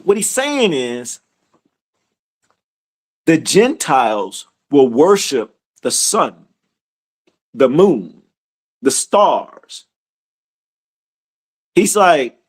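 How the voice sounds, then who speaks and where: Lively, animated woman teaching scripture. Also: low voice, very slow, pauses often, slightly rough. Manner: animated, laughing, talks to viewers as y'all. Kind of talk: casual livestream Bible teaching.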